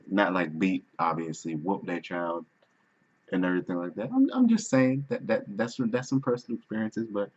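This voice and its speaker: A man's voice: low-pitched, lo-fi sound. A man hosting a reaction video, talking in a laid-back, casual way with some restarts. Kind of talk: casual chat.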